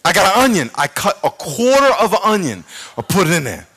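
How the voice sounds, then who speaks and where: Man, pastor, sermon, slightly high voice, bright and forceful tone, animated storytelling, playful humor, large church. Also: brisk, husky. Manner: animated storytelling with shouted sound effects.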